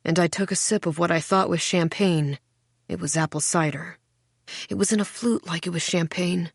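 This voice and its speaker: A woman narrates a first-person novel in a wry, measured, quietly deadpan voice. Her pitch sits on the low side. The recording is dry and close, with no room sound. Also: creaky, slightly rough, dry recording. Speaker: audiobook narrator.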